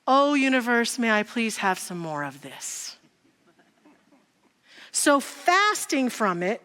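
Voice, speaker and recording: A woman delivers a sermon in a higher-pitched voice. She talks in an earnest, reflective, storytelling manner. Her voice rings out with the long reverb of a large hall. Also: fairly bright tone. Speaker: speaker. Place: church sanctuary.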